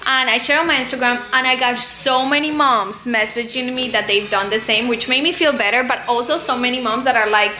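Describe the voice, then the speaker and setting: A young woman vlogging to camera, telling a story casually and with animated emphasis. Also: fairly high pitch, a little fast, hardly any pauses, reverberant. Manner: animated, emphatic retelling with quoted inner panic. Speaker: mom vlogger.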